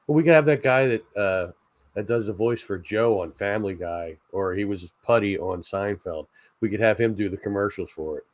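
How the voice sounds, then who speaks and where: A man's voice: on the low side, normal speed, long pauses, dry recording. A man hosting a casual late-night chat stream, rambling and joking, often laughing at his own ideas. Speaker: channel host.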